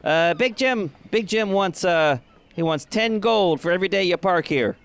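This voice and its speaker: A man doing a high, nervous messenger. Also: expressive, moderate pace, fairly bright tone, smooth. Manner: stumbling, repeats himself. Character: nervous human messenger, hesitant and uneasy.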